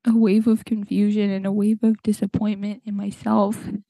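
A young woman recording a tearful, halting personal monologue on her podcast mic, crying and sniffling as she searches for words. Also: medium pitch, flat delivery, dark tone, no echo. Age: young adult. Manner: halting, full of fillers and restarts. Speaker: podcast host. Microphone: home podcast mic.

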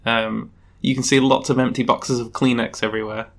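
A man narrating as game master of a tabletop game, halting often and giggling as he goes. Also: medium pitch, little pitch movement, vocal fry. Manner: giggly, halting, with many ums.

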